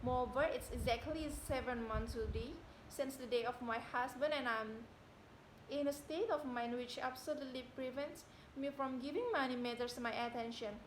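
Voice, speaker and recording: A young woman playing a proud young widow in an amateur stage reading, speaking in a declamatory way that climbs to indignant shouting. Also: sits high, steady tone, normal speed, a little hiss or hum, lightly acted. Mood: cool refusal. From Indonesia. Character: proud young widow, haughty and quick to anger. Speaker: student actor. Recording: echoey room.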